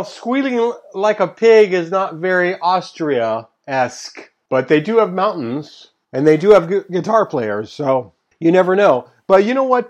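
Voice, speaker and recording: A man's voice: sits high, darkish tone. A man co-hosting a casual chat, answering with wry, mock-dramatic jokes. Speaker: co-host.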